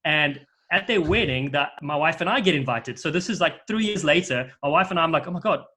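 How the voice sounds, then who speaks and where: A middle-aged man, a rugby commentator, chatting casually and telling stories with lively acted-out quotes. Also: fairly high pitch, a little fast. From South Africa. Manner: animated storyteller, acts out quoted lines. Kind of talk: casual chat, storytelling.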